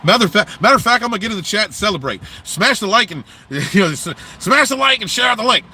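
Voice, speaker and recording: A man hosting a casual livestream, talking bluntly and profanely in an animated rant, outdoors near traffic. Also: high voice, fast talker, breathy edge, low-quality recording. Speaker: livestream host.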